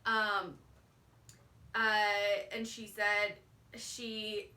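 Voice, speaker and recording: Bright, chatty young-sounding woman vlogger. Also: fairly high pitch, measured pace, far from the mic. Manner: rambling with many fillers and likes. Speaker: vlogger recapping a TV show. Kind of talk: casual recap chat. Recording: echoey room, off-mic.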